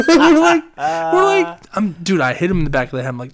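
A young man casually telling a story, swearing often and loudly acting out his friends' lines. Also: high voice, wildly swooping pitch, moderate pace, vocal fry. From Reading, Pennsylvania.

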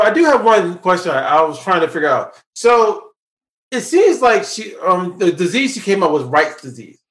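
A man's voice: high voice, a bit bright. A man hosting a casual podcast about a film, rambling with restarts and laughing often. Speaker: podcast host. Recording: roomy echo.

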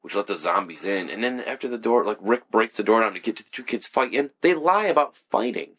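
Low, animated young man chatting. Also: fast. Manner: rambling, profane, laughs often. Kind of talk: casual chat.

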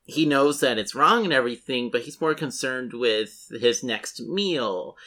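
A man's voice: mid-range voice, expressive, unhurried, sharp tone. A man co-hosting a casual book podcast, offering thoughtful commentary on the characters. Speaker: podcast co-host. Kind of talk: casual book-club chat.

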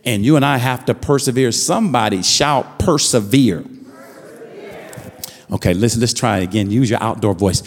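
A man's voice: medium pitch, moderate pace, long reverb tail. A man preaching a fervent sermon as pastor, repeating phrases and building with rising calls to the congregation.

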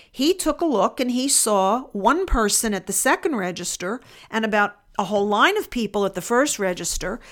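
A woman with a somewhat high voice speaks alone on her podcast. She tells an everyday story in a measured, pointed way and then argues her opinion. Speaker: podcast host.

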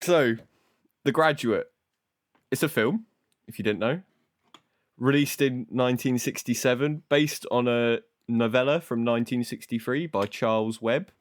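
A man's voice: mid-range voice, a little slow, no room sound. A young man hosting a casual film podcast in a loose, sweary, self-deprecating way. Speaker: podcast host.

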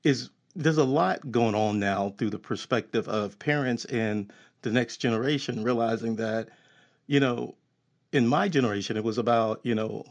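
Man, interview host, gravelly voice, encouraging, reflective, conversational. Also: medium pitch, moderate pace, dull audio. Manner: encouraging, reflective, uses many fillers.

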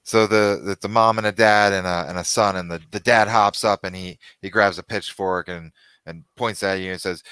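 A man with a low voice runs a tabletop game, describing scenes in a casual, loose storytelling way. His tone is bright and crisp, and the recording is dry and close. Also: fairly even intonation, moderate pace, no echo. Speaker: game master.

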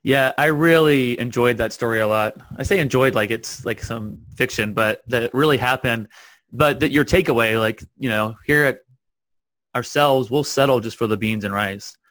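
A man's voice: medium pitch, normal speed, a bit bright, no room sound, poor audio. A man hosting a podcast interview, giving short affirmations and asking casual questions. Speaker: podcast host.

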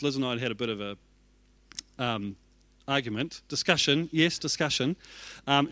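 Bright-voiced pastor telling a story. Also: male voice, medium pitch, no room sound. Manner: self-deprecating, acts out his own reactions. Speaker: executive pastor. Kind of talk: storytelling sermon.

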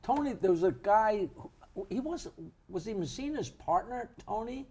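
An older man, a comedian co-hosting a podcast, telling animated, jokey stories in casual chat. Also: sits high, moderate pace, slightly rough. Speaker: co-host comedian. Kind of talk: casual storytelling.

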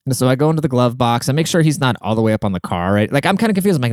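Racing along with an expressive, medium-pitched and slightly mellow voice, a young man from Washington State, USA, spins a rambling, profane story while checking in with his listener. The studio-quality sound has no room tone.

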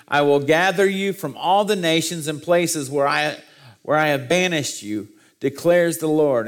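A middle-aged man preaching a sermon, mixing scripture reading with earnest personal stories and self-deprecating humor. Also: on the high side. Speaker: pastor.

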